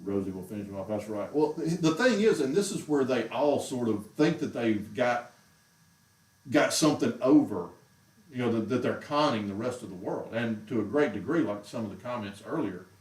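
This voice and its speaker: A man's voice: mid-range voice, lively intonation, moderate pace, darkish tone. Ranting man, echoey room. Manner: heated, exasperated ranting. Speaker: show host. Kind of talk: casual rant on a livestream. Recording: roomy echo, mic far off.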